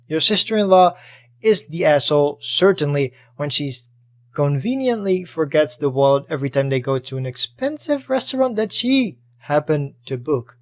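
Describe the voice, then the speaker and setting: A man hosting a casual podcast, reading out Reddit posts and reacting to them with chatty, animated commentary full of swearing. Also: fairly high pitch, moderate pace. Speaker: podcast host.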